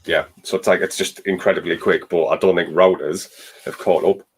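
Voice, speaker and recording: A man hosting a casual live chat stream, chatty and quick to laugh. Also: low-pitched, steady tone, breathy edge. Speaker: livestream host.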